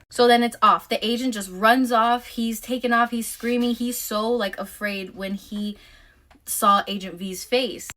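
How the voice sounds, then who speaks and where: A woman's voice: fairly high pitch, fairly even intonation, unhurried, a bit bright. A woman casually recapping a novel's chapters, chatty and full of filler words. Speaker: book recap vlogger.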